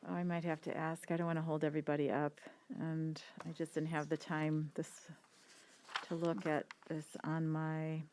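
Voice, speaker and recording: A woman's voice: low-pitched, flat delivery, normal speed, darkish tone, a little hiss or hum. A woman city councilor asking a question at a meeting, hesitant and apologetic as she searches her notes.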